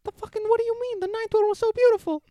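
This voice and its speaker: A man doing a squeaky crude husband. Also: fairly even intonation, rapid-fire, mellow, dry recording, clean studio sound. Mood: defiant. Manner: crude, swearing, bickering.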